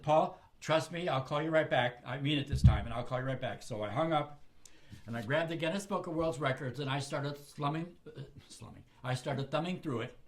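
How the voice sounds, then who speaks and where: Older man, slightly high voice, animated storyteller who acts out the other people in his tale. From Southern California. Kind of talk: casual spoken anecdote.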